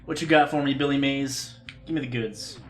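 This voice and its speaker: A man's voice: mid-range voice, moderate pace, soft background music. A man streaming a game race, mumbling to himself and humming beeps and boops. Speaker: streamer racing a randomizer game. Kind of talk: casual live-stream chatter.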